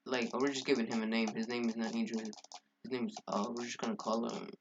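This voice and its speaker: A man's voice: mid-range voice, little pitch movement, quick pace, lo-fi sound, noisy background. A man telling a casual story-time tale, rambling and profane, full of fillers and restarts. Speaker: storyteller vlogger.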